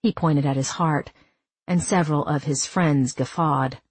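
A woman reading a first-person story aloud as an audiobook narrator, calm and measured. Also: low voice, slightly rough, no room sound.

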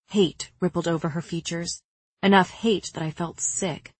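A woman narrating a fantasy audiobook in the first person, reading in a measured, expressive way on a close mic. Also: fairly low pitch, slightly rough, no echo.

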